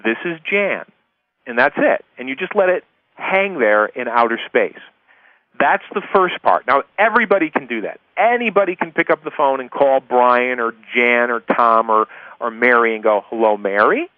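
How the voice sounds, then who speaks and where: A man's voice: mid-range voice, expressive, normal speed, dry recording. Male sales coach, chatty and repetitive, thin phone-line sound, dry. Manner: chatty, repeats key points, checks in with "okay?". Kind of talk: conversational recorded course lesson.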